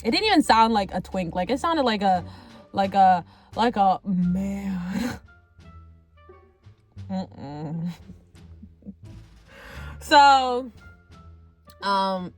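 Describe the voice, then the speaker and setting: A young woman telling a casual storytime, rambling and animated, with lots of "like" and free swearing. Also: medium pitch, drawn-out words, long pauses. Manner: animated, rambling, heavy use of "like", swears freely. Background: faint background music.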